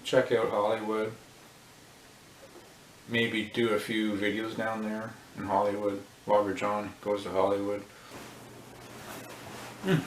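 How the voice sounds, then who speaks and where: Rambling low-voiced man in an echoey room. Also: monotone, slow, long pauses, far from the mic. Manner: rambling, self-mocking, thinks aloud. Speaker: vlogger. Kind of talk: casual joking monologue. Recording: roomy echo with faint noise.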